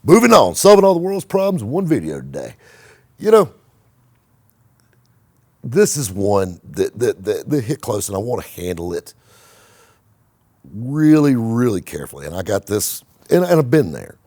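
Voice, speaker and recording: A man hosting his own channel, giving blunt, animated motivational talk to the camera and swearing freely. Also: fairly low pitch, normal speed, long pauses, no echo, studio quality. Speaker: car vlogger and host.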